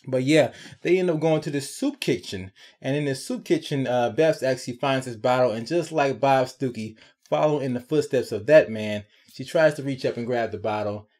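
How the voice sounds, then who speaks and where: A man giving a casual, sarcastic recap and review of a TV episode, chatty and animated, tagging his points with quick check-ins to the viewer. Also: medium pitch. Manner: chatty, animated, sarcastic asides with frequent tag questions.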